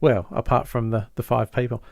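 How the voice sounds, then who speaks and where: A man, co-hosting a podcast and casually retelling a sitcom episode with lively impressions of the characters. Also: mid-range voice, fairly quick, creaky, dry recording, studio quality. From Australia. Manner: animated storyteller, mimics the characters' lines. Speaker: podcast co-host.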